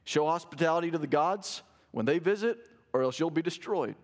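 A man preaching a sermon as a pastor, reading scripture aloud with rising, animated emphasis. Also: on the high side, a little fast. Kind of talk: expository sermon.

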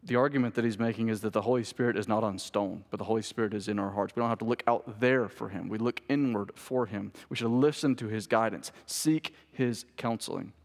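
A male pastor preaching a sermon in a church, earnestly repeating key phrases and moving between urgent appeals and hushed, intent passages. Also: fairly low pitch, steady tone, a little fast, hardly any pauses. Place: church sanctuary. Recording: reverberant church hall.

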